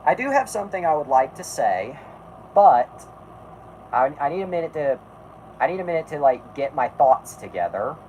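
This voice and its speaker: A man's voice: on the high side, big pitch swings, moderate pace, a little mellow, slight background noise, poor audio. A man hosting a casual live stream who halts, rambles and restarts his sentences while he talks to his chat and co-hosts. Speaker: podcast host.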